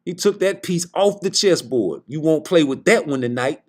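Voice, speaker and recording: A man's voice: a little high, expressive, moderate pace, few pauses. A man giving heated, profane boxing commentary in a casual rant, blunt and repeating points for emphasis.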